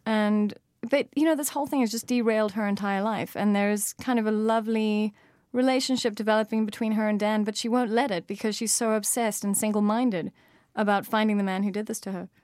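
A woman's voice: mid-range voice, steady tone, a little fast, a little mellow, no room sound, clean studio sound. A woman author with a South African accent, talking thoughtfully in an interview with frequent fillers and restarts.

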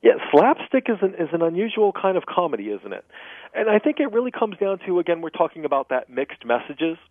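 Male phone-in guest, expressive delivery, tinny dry line. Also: sits high, fairly quick, dry recording. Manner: animated explainer, tells jokes and laughs at them. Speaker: guest humor expert. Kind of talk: radio interview by phone.

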